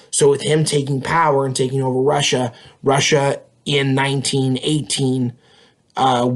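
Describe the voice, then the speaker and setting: A man teaching a history lesson in a casual, conversational way, with frequent fillers and tag questions. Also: mid-range voice. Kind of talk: casual classroom lecture.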